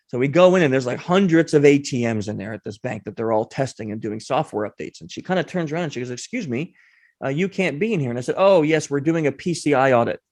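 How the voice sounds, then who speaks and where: A man is a guest on a talk show and tells a long story from his work with animated energy. He slips into the voices of the people he met as he goes. His voice sits at a middle pitch and the sound is dry and close. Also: no room sound. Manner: lively anecdote teller acting out the people in his story.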